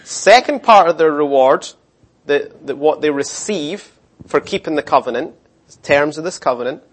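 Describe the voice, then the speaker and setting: Animated man preaching a sermon. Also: a little high, moderate pace, breathy edge. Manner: animated, acts out voices of complainers and God. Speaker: pastor.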